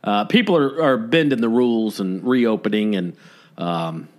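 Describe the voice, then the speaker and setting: A man's voice: fairly low pitch, lively intonation, moderate pace. A man co-hosting a casual podcast chat, talking in a rambling, hesitant way with many fillers and restarts. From United States. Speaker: podcast co-host. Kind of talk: casual conversation.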